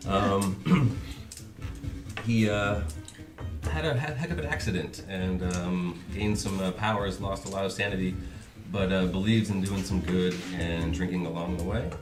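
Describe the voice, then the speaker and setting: Man, tabletop player, halting with fillers, distant roomy mic, music behind. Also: sits low. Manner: hesitant, many fillers. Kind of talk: tabletop game session talk.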